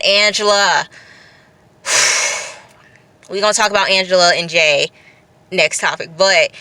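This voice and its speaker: Bright, dry-voiced woman recapping TV. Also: medium pitch, smooth, no echo. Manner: expressive, repeats phrases, breaks into laughs. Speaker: TV review vlogger. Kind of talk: unscripted casual TV recap.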